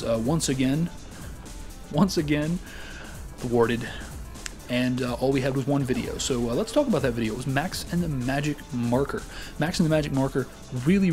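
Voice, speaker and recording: A man's voice: medium pitch, a little mellow. A man hosting a casual weekly gaming round-up, rambling and joking with lots of filler words. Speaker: gaming show host.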